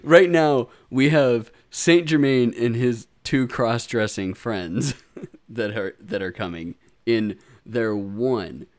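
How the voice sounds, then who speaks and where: A tired man recapping a show with a friend in casual chat, laughing often, swearing freely and acting out characters in squeaky voices. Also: takes it slowly. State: tired, drinking. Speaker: podcast co-host.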